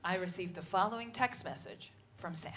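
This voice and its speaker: A woman in her thirties performing a live stand-up set, animated and quick to jump into loud put-on voices. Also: on the low side. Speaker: stand-up comedian. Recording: live comedy club with audible noise.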